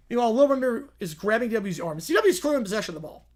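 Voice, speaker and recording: A man's voice: very high-pitched, very animated, rapid-fire, darkish tone. Casual male streamer host. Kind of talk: casual stream reading a story aloud.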